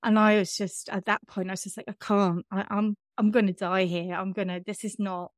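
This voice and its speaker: A woman's voice: mid-range voice, little pitch movement, a little fast, dry recording, clean studio sound. A woman, telling a personal story on a podcast in a candid, self-mocking way. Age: 30s. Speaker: podcast host. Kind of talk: casual chat.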